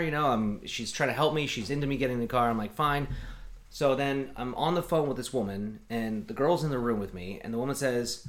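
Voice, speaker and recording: A man's voice: mid-range voice, animated, fairly quick. A man telling a story in casual chat, profane and exasperated as he acts out both sides of phone calls.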